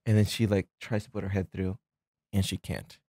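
A man, a filmmaker guest on a podcast, telling an animated story full of fillers and restarts and acting out the people he quotes. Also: sits low, a little fast, slightly rough, no room sound, clean studio sound. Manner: acts out quoted voices. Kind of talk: casual podcast chat.

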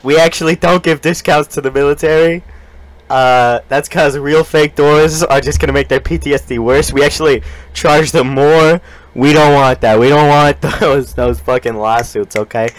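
A male streamer improvising a mock sales pitch, riffing quickly and laughing through it. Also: steady tone, dry recording.

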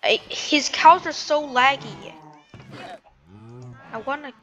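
A woman's voice: sits high, slow, a bit bright, slight background noise. A woman giving casual gameplay commentary, chatty and full of "like" and restarts. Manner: chatty, hedging with "like", self-interrupting. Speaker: gamer and video creator.

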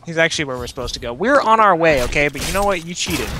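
A man's voice: on the high side, lively intonation, fast. A young man making jokey, teasing commentary while playing a video game with friends. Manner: joking, teasing. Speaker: gamer commentator. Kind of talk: casual let's-play banter. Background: game music.

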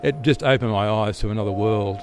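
A man's voice: on the low side, brisk, noisy background. A middle-aged Australian man, an interview guest telling stories in a chatty way, often restarting and repeating words. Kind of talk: relaxed storytelling answers.

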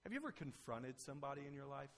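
A man preaching a sermon as pastor, earnest and conversational, rising to emphatic peaks and then dropping soft. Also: mid-range voice, very animated, fast talker. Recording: long reverb of a church hall.

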